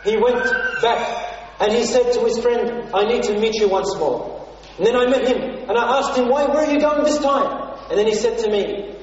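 A man delivers a sermon in a strikingly high voice, telling a story with deep earnestness and voicing the people in it. The recording is distant and dull, with heavy echo filling a large hall. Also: darkish tone. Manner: earnest, emotive retelling with quoted dialogue. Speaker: preacher.

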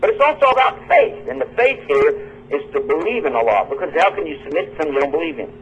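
A man's voice: a little high, expressive, fast. A man hosting a live radio lecture at a university, joking with and quizzing his audience as he teaches. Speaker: radio show host and lecturer. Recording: dull lo-fi radio broadcast with faint noise.

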